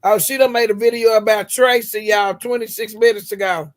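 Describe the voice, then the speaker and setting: Woman host, mid-pitched voice, blunt gossip, faint hiss behind. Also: fairly even intonation. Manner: blunt, gossipy, spells words out slowly. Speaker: live-stream host reacting with friends. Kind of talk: casual group chat.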